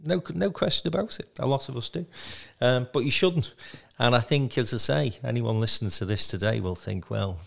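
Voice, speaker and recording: A man's voice: medium pitch, brisk, creaky, few pauses. A man hosting a podcast interview, talking in a chatty, encouraging way with plenty of fillers. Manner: warm, encouraging, rambling with fillers. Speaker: podcast host.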